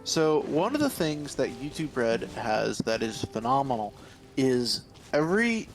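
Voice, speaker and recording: A man rambles through jokey explanations to friends over voice chat, his pitch bouncing around as he talks. The game's music sits clearly behind him. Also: big pitch swings, a little slow. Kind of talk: casual chat.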